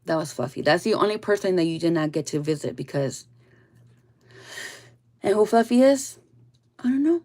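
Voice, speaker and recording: A woman giving a casual spiritual reading to her viewers, blunt and full of swearing, often trailing off soft and low. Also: expressive, moderate pace, pauses often. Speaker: tarot reader.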